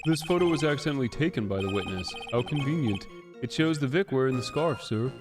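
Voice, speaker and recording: A man's voice: mid-range voice, expressive, close to an everyday voice. A man as a bumbling police detective. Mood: earnest. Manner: hesitant, halting, with fillers. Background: game music.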